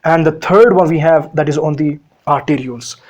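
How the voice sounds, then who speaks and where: Male medical lecturer with a fairly high voice, explains step by step, poses questions and answers them himself. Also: moderate pace, darkish tone. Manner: frequent fillers and repetitions. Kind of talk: recorded physiology lecture.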